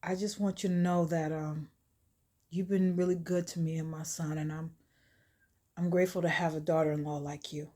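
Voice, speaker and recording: A woman voicing an older man, a father-in-law who speaks in halting apologies. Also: deep voice, little pitch movement, dark tone. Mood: remorseful.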